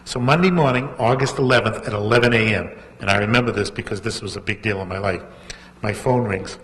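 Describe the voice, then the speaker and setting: A man's voice: on the low side, fairly quick, a bit bright, in a large hall. A man, an author telling a rambling, self-mocking anecdote at a book launch. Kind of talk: anecdotal storytelling talk. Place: book launch event hall.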